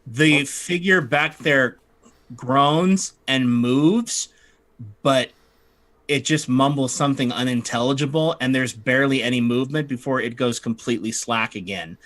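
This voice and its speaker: A man runs a tabletop game, narrating scenes and calling for checks in a loose, chatty way with plenty of fillers. His voice is bright and clear. He talks at an average pitch. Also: a little slow. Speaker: game master.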